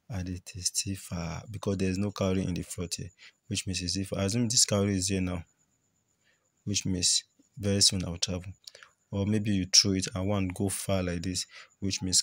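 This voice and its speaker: A man's voice: low-pitched, no room sound. A man teaching cowrie shell reading, explaining with repetition as he points out each shell. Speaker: spiritual teacher.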